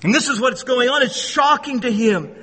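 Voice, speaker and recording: A man's voice: very high-pitched, normal speed, sharp tone, husky, big-room sound. A man preaching a sermon in an emphatic style, repeating phrases and acting out the voices he quotes. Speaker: pastor.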